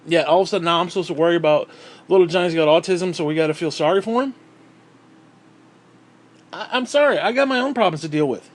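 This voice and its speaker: A man's voice: a little high, fast, pauses often. A man vlogging in a heated, sarcastic rant, swearing constantly. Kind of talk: profane ranting monologue.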